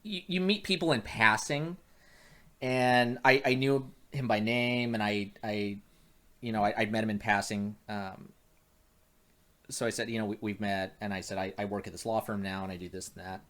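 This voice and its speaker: A man's voice: lowish voice, moderate pace. A man working as a private investigator, telling a long story in casual chat and acting out the dialogue, with many restarts. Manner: animated, acts out quoted dialogue with many restarts.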